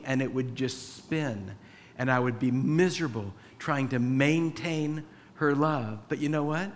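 A man's voice: fairly high pitch, a little slow, fairly bright tone. A man preaching a sermon in a church, conversational, acting out little dialogues. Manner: conversational, acts out dialogue with his wife. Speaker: pastor. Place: church with a sound booth. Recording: reverberant church hall.

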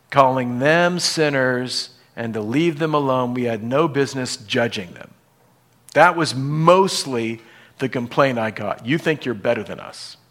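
A man as pastor giving a casual sermon, animated, acting out scripture dialogue in everyday voices. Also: a little high.

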